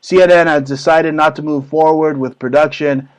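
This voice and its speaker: A man's voice: fairly high pitch, fairly even intonation, normal speed, clear, resonant tone, poor audio. A man hosting his own talk show, ranting crudely and mockingly about politics with heavy swearing. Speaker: show host. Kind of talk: profane political rant.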